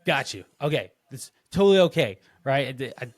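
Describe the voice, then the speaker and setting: A man hosting a casual podcast interview, telling rambling, animated stories with lots of restarts. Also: mid-range voice, normal speed, dry recording, studio quality. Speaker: podcast host.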